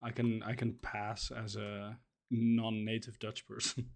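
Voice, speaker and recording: A man's voice: on the low side, level tone, unhurried, gravelly. A man co-hosting a casual podcast chat, playful and laughing often, hesitating with many fillers. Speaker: podcast co-host. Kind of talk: casual chat while co-writing.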